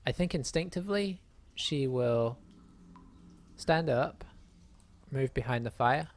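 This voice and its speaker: A player at a tabletop game describes what their character does. They keep an easygoing manner and an unhurried pace. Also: mid-range voice, animated. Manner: slow, easygoing.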